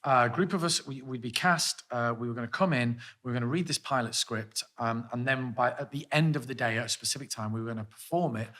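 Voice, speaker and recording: A man, co-hosting a podcast and telling animated, sweary anecdotes in casual chat. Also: medium pitch, fast, few pauses. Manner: animated anecdotes, swears freely, mimics others. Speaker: podcast co-host.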